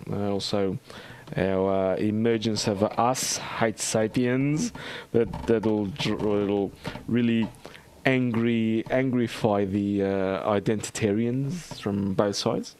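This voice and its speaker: An Australian man hosting a livestream in a rambling, halting chat full of fillers and restarts. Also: fairly low pitch, darkish tone, clean tone. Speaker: livestream host.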